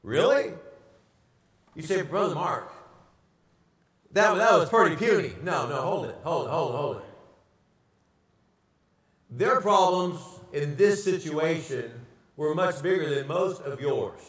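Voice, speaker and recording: A pastor preaching a sermon, animated and asking the congregation rhetorical questions. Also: male voice, a little high, measured pace, long pauses, echoey room, recorded from a distance.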